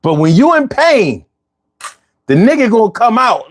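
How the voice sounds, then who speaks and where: Guy with a pretty high voice hosting a chill podcast stream, cussing a lot, reading comments and riffing. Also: normal speed, long pauses. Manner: profane, animated, riffs into rhymes. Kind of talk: casual livestream chat.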